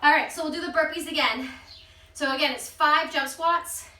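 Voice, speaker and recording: A woman's voice: sits high, fairly even intonation, normal speed, bright, forceful tone, a little hiss or hum. A woman leading a follow-along workout, out of breath, counting reps aloud and cheering the class on. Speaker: fitness instructor. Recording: roomy sound from a distance.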